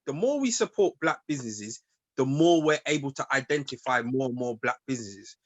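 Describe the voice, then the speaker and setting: A man's voice: medium pitch, expressive, a little fast, no echo. A man, co-hosting a casual group chat, making emphatic points in street slang.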